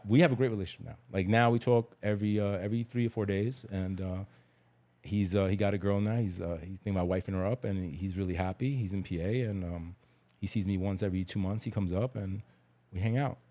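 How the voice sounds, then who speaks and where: A man's voice: on the low side, fairly quick, dark tone. Emphatic middle-aged man, slangy and repetitive. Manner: emphatic, repeats himself, street slang. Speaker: podcast guest. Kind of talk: candid podcast conversation.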